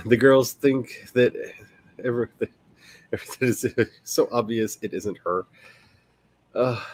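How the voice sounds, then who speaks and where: A man hosting a casual livestream as an author, rambling and self-deprecating, who laughs often and restarts his sentences. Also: medium pitch.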